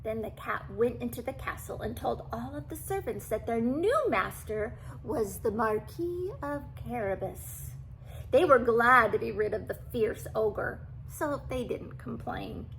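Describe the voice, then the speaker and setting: An older woman reading a classic storybook aloud to children, animated and stopping for asides to the listener. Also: fairly high pitch, unhurried, slight background noise, low-quality recording.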